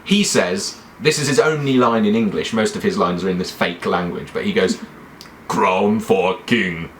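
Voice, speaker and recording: A man's voice: lowish voice, a little fast, slight background noise. A man hosting a casual comedy video, joking and mocking himself as he explains characters. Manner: jokey, self-mocking.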